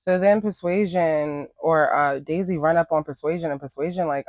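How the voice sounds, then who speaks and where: A man with a somewhat high voice delivers opinionated reality TV recap commentary. He talks in a sassy, animated way. The sound is close and dry, with no room echo. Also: a little slow, highs cut off. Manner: sassy, animated, acts out quotes in higher voices.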